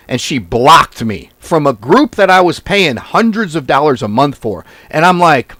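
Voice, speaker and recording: This forex trading video host speaks in a highish male voice at a moderate pace, with few pauses and no echo. Talking straight to camera, he rants bluntly and profanely, telling animated stories that drift onto tangents.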